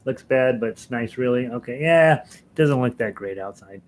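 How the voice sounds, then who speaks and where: A man's voice: medium pitch, lively intonation, moderate pace, a little hiss or hum, poor audio. An American man hosting a live ukulele lesson stream, chatting casually with viewers, chuckling often and rambling with fillers and restarts. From United States.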